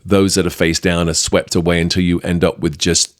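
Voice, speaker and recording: A middle-aged British man hosting a podcast, chatting lively through a behind-the-scenes anecdote with plenty of fillers. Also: low voice, brisk, no room sound, clean studio sound. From Britain. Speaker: podcast host. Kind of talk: storytelling anecdote.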